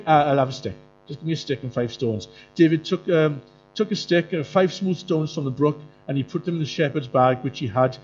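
Animated preacher man. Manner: animated, jumps into high mocking voices for quoted characters. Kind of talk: sermon. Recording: muffled lo-fi sound with faint music.

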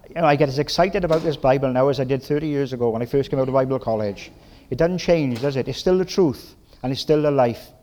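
A middle-aged man with a Welsh accent preaching a sermon in a folksy, lively way, full of tag questions and quick bursts. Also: mid-range voice. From Wales.

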